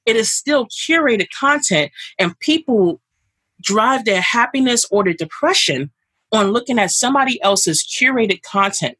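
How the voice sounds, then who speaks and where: A woman's voice: medium pitch, husky, no room sound. A woman podcast guest speaking candidly and emphatically, with frequent fillers. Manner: emphatic and animated, with many fillers. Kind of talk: candid conversational interview.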